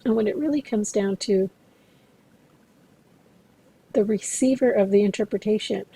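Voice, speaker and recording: Woman lecturer, recorded class, mellow voice with some fry, steady explanatory delivery. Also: medium pitch, poor audio. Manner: explanatory, measured, addresses students directly. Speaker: interpreting instructor.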